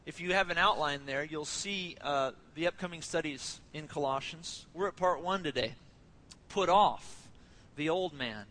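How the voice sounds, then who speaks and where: Bright, joking male pastor. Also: fairly high pitch, measured pace, rough recording. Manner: conversational and joking, with family stories. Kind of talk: sermon.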